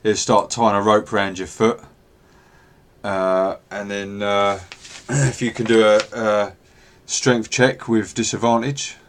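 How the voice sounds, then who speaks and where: Low-voiced game master. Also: male voice, takes it slowly, slight background noise. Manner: relaxed and rambling, with many fillers. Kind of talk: narrating a tabletop game.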